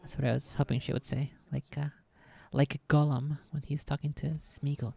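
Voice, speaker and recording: A woman streamer chatting casually as she plays, reacting aloud to the game with a husky voice. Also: a bass voice, little pitch movement, normal speed, warm tone. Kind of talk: casual gaming stream chat.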